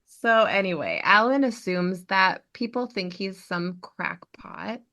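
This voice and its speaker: A woman hosting a podcast, recapping a TV episode as an animated storyteller. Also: mid-range voice, takes it slowly. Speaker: podcast host.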